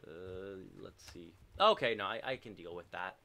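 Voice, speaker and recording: A man streaming a video game, commenting live and swearing in loud frustrated outbursts. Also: low-pitched, normal speed, slight background noise.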